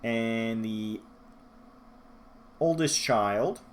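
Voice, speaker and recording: Man, book review vlog, unhurried, rambling, self-deprecating, faint hiss behind. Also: mid-range voice. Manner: rambling, self-deprecating, loses his place in his notes.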